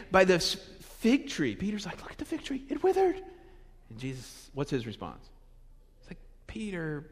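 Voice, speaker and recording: A man preaching a sermon in a lively, conversational way with humorous asides, recorded with long hall reverb. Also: on the high side. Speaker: pastor.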